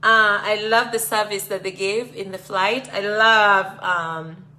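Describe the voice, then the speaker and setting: A woman's voice: medium pitch, fairly even intonation, slow pace, sharp tone. A woman with a Kenyan accent hosting a casual live video, chatting with viewers and reading out their comments. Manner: chatty, reads out viewer comments and mixes Swahili phrases into English. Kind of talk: casual live-stream chat.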